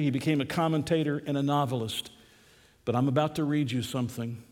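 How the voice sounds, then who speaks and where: A man's voice: medium pitch, darkish tone. A man preaching a sermon as pastor, earnest and emphatic, speaking in a church sanctuary. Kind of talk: sermon with read-aloud passage. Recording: long reverb in a large church hall.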